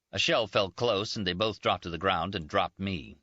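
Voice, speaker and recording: A man reading a novel aloud in a measured, grave first-person narration, in a muffled dry recording. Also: low-pitched, bright, forceful tone, no room sound. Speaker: audiobook narrator. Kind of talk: scripted narration.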